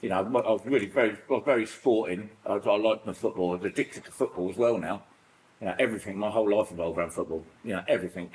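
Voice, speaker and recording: A middle-aged British man with a British accent, sharing childhood stories in a recovery group, rambling and animated with lots of fillers. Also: lowish voice, quick pace, low-quality recording. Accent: British English. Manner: rambling, animated storytelling full of fillers and acted-out quotes. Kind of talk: personal sharing in a support group.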